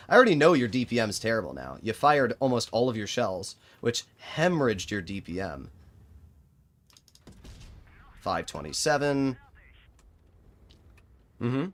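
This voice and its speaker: A man's voice: mid-range voice, very animated, moderate pace, fairly bright tone. Sarcastic young man streaming a tank game. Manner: exasperated, sarcastic, talks to chat and team. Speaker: gaming streamer. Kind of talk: live gameplay commentary.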